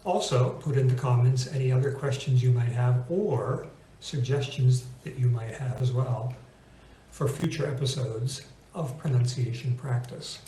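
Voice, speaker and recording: A man teaching English pronunciation in a relaxed, chatty video lesson, slowing down to carefully sound out example words. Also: mid-range voice, a little hiss or hum. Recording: roomy echo.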